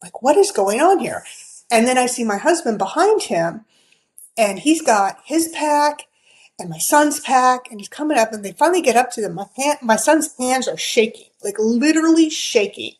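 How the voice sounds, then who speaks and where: A woman's voice: a little high, animated, moderate pace, rough recording. Chatty woman telling a hiking story. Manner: chatty, full of fillers and quoted dialogue. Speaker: podcast guest. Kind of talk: casual storytelling.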